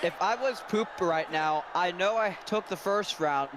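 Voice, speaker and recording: A man giving color commentary on a boxing match, breaking down tactics with quick reactions. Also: high voice. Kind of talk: live fight color commentary. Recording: noisy livestream audio.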